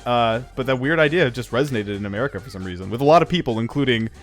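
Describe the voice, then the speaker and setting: A man's voice: mid-range voice, animated, racing. A man with a mid-range voice hosts a casual stream chat. He is keen and laughs easily, with faint music underneath. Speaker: host.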